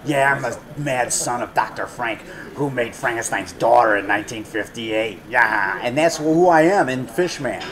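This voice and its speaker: A man who makes low-budget monster movies, chatting in a restaurant. He rambles and repeats himself, jumps between topics and gets excited about old horror films. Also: moderate pace, hardly any pauses. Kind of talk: rambling casual chat.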